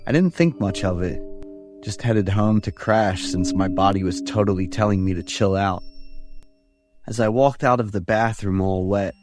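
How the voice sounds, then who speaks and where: Low-voiced man narrating a horror tale. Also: moderate pace. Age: 30s. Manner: casual and slangy, relaxed storytelling. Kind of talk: scripted first-person horror narration. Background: background music.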